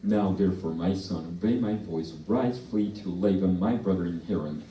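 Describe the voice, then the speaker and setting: A man leading a slow, deliberate responsive reading of scripture in a church service. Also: sits low, dark tone. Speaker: pastor. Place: church hall. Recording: echoey church hall from far off.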